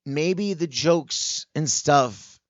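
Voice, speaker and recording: A man co-hosting a casual review podcast, talking in an animated way. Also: drawn-out words, no echo, highs cut off. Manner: animated, jumps into high squealing impressions. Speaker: podcast co-host.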